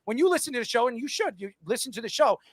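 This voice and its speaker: A man hosting a casual sports talk show, loud and argumentative, bantering with guests. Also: very high-pitched, lively intonation, rapid-fire, dry recording. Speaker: podcast host.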